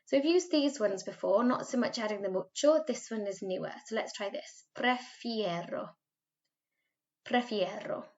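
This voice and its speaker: A woman with a Welsh accent teaching a recorded Spanish lesson, patiently modelling words slowly for students to repeat. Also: a little high, lively intonation, darkish tone, muffled recording. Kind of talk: recorded remote language lesson.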